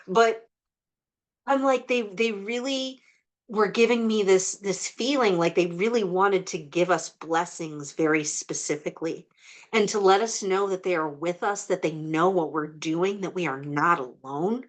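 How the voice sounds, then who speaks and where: A woman with a fairly low voice leads a group healing over a video call. She speaks blessings in a slow, earnest cadence. Between them she chats loosely and fills with "like.". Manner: slow, earnest incantation, then chatty with many "like"s. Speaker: energy healer hosting a group session. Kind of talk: guided healing invocation and group chat.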